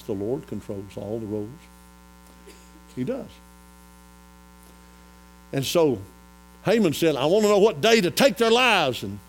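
Animated preacher man, lively pitch. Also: gravelly, poor audio. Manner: animated, rises to loud excitement when retelling the story. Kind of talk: folksy sermon storytelling. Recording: faint mains hum.

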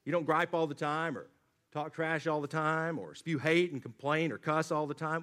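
A man preaching a sermon, swinging from loud emphatic lines to low, quiet drops. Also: steady tone, normal speed. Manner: dynamic preaching, rising emphatic then dropping low and quiet. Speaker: pastor.

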